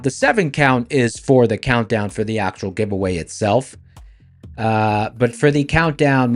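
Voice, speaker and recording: A man hosting a live trading stream, talking casually and playfully to his chat through a voice changer that lowers his voice. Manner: playful, talks straight to chat.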